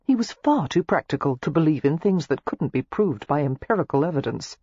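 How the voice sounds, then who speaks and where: Husky low-voiced woman narrating. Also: lively intonation, fairly quick, mellow, no echo. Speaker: audiobook narrator. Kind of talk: audiobook narration of a romance novel. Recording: dry, slightly muffled lo-fi recording.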